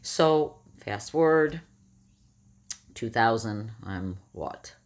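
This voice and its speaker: Vlogger, woman in her 50s, husky morning voice, lively and rambling delivery, lots of pitch swings. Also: drawn-out words. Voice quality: rough morning voice. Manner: rambling, self-correcting, animated. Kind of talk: casual personal storytelling.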